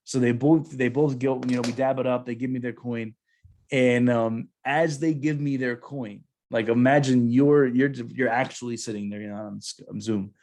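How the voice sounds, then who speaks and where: A man in his thirties, a podcast co-host telling a story casually, animated and profane with lots of slang. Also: medium pitch, moderate pace.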